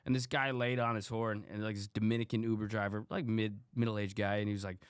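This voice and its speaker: A man's voice: fairly low pitch, fast talker, smooth, dry recording, clean studio sound. A man on a podcast, telling a street story casually and acting out the people in it. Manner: animated, acts out the people in his stories. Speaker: podcast guest.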